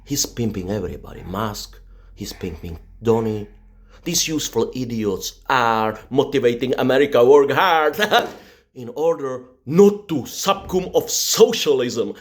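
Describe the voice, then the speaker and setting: Slow, sing-song mocking male ranter. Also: on the high side, big pitch swings. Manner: mocking and profane, drops into whispers and breaks into laughter; broken, non-native English grammar. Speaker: vlogger. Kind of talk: satirical ranting monologue.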